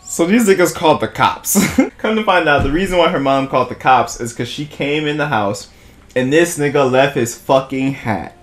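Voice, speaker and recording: A man's voice: a little high, normal speed. A young man vlogging a long, casual story, laughing a lot, swearing freely and acting out what people said. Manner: animated, laughing, profane storytelling with voiced quotes.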